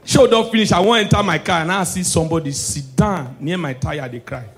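High-voiced Nigerian man doing stand-up. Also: a little fast. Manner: Pidgin-laced storytelling, swings from soft asides to shouted punchlines. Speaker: stand-up comedian. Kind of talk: stand-up comedy set.

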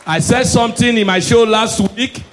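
A man with a Nigerian Pidgin English accent performing a stand-up comedy set, swinging between hushed preachy asides and shouted punchlines. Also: very high-pitched, normal speed, faint music behind, a faint crowd.

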